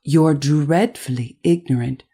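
A woman's voice: deep voice, unhurried, mellow, slightly rough, full character voice. A woman voicing a polite, motherly young girl who is courteous and a little patronizing, in an audiobook. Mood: prim. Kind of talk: audiobook character voice.

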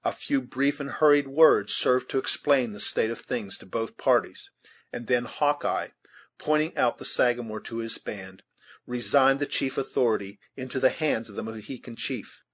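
Husky guy reading an audiobook, steady and measured. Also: medium pitch. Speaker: audiobook narrator. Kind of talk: audiobook narration.

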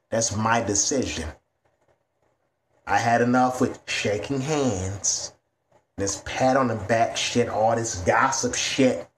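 A man's voice: mid-range voice, a little hiss or hum. A man ranting to camera in a vlog, blunt and heavy on profanity. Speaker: vlogger.

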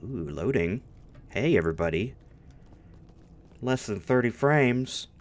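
A man's voice: mid-range voice, lively intonation, slow. A man giving casual, playful gameplay commentary, making silly noises and joking at his own expense. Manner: playful, goofy, makes silly noises and jokes at himself. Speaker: let's play gamer.

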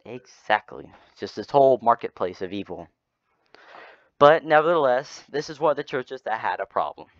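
A young man leading an informal Bible study, retelling stories in a rambling, animated way. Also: mid-range voice, moderate pace, no room sound. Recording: slightly dull lo-fi sound.

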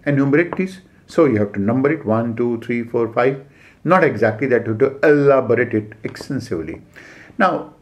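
A man with an Indian English accent lecturing as an exam coach, giving numbered points with frequent "uh" pauses and repeated key phrases. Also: medium pitch. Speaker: civil service exam coach. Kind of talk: classroom lecture.

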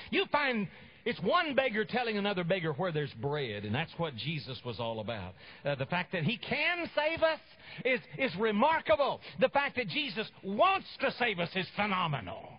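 A man preaching a sermon, telling stories and swinging between loud emphasis and low, quiet asides. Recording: dull lo-fi radio broadcast.

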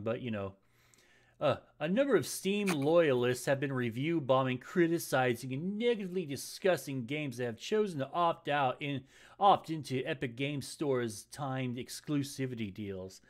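A man hosting a casual gaming news chat on a live stream, rambling and stumbling with many fillers and a lot of swearing. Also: medium pitch. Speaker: podcast host. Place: home setup, live stream.

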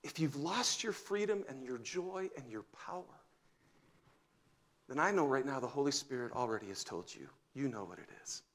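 Pastor, man, 50s, storytelling sermon, mid-pitched voice, big swings from shouts to hushes. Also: animated, moderate pace. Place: church sanctuary.

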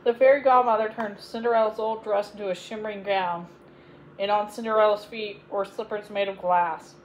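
A woman reading a children's fairy tale aloud as a bedtime story, in a gentle, clear read-aloud manner. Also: mid-range voice, fairly even intonation, moderate pace, slight background noise, low-quality recording. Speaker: storybook reader.

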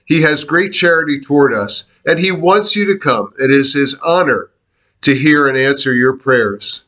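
A middle-aged man preaching a devotional sermon in an earnest, confessional way, with halting restarts, near tears. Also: mid-range voice, sharp tone. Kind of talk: devotional sermon with a personal story.

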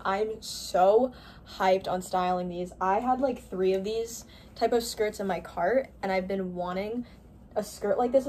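A young woman filming an unboxing haul vlog, gushing and gasping with excitement over each item. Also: mid-range voice, unhurried, slight background noise. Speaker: vlogger.

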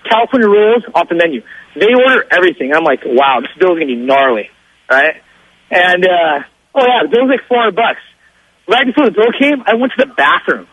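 A young man calling a radio show who tells a story in a boastful, excitable, slangy way over the phone. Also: high-pitched, fairly quick, dry recording, poor audio. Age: young adult. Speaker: caller. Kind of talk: casual storytelling on a call-in show.

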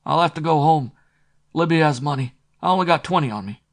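A man's voice: on the high side, fairly quick, voice pushed up, natural voice. Guarded, reluctant guy, raised and tense, male reader doing him. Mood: wary. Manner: wary. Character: wary, reluctant male acquaintance.

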